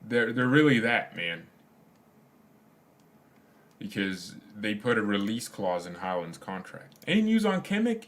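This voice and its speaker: Young male fan-channel host, lowish voice, loose slangy rambling with frequent laughs, keyboard clicks behind. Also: expressive, unhurried, a bit bright. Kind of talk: casual livestream chat reading comments.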